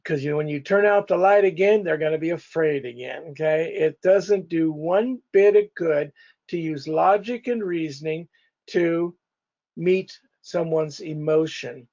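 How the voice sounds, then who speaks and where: A man's voice: a little high, unhurried, darkish tone, highs cut off. A male pastor teaching a church couples class in a conversational way, speaking directly to the couples in the room.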